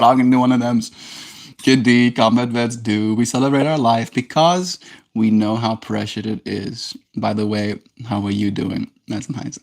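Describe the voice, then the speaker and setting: A young man on his daily livestream chats casually through viewer comments at a moderate pace, with a medium-pitched voice and fairly even intonation. Playful and teasing, he drifts into silly put-on voices and sometimes mumbles quietly.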